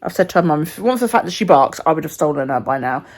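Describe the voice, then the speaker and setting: Holding her phone, a woman rambles through a casual vlog chat, occasionally swearing and frequently dropping almost to a whisper. She has a deep voice with lively intonation and speaks at a racing pace.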